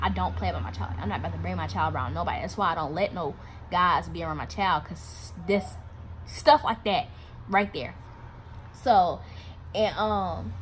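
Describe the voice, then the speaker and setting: Animated young woman telling a storytime. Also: slight background noise. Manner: animated, swearing, acts out quotes in a louder higher voice. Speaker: vlogger. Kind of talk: casual storytime.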